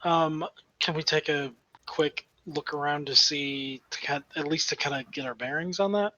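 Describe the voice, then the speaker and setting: A man's voice: fairly high pitch, steady tone, moderate pace, pushed and bright, no echo, lo-fi sound. A man playing in a tabletop game, talking in a wry, matter-of-fact way. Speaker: player. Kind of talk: casual tabletop game chat.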